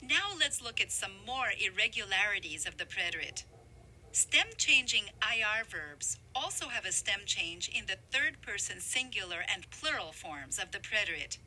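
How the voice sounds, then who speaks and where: A woman narrating a scripted grammar lesson, explaining clearly with emphasis. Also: medium pitch, sing-song, normal speed, pushed and bright, low-quality recording. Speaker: language instructor.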